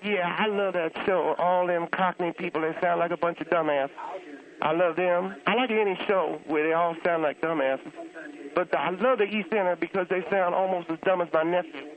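A man's voice: high-pitched, steady tone, moderate pace, a crowd in the background, close to an everyday voice. A man voicing a cranky old churchgoing aunt who phones in, blunt and scornful. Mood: grumbling. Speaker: phone caller. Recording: phone line.

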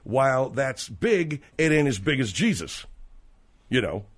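A middle-aged man hosting a radio talk show, brash, cynical and quick to snap at his sidekicks. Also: mid-range voice, sing-song.

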